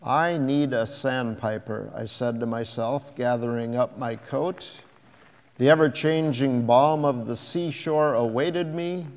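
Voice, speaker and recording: A man reading a first-person story aloud in a measured, reflective way. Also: mid-range voice, darkish tone. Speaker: narrator. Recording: long hall reverb.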